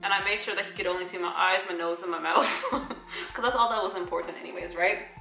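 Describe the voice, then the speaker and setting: Young woman vlog co-host, bubbly storyteller with a bright voice, laughs a lot, echoey room. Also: lowish voice, steady tone, fast talker, creaky, faint music behind. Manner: bubbly, laughs often, acts out quoted dialogue. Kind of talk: casual storytelling to camera.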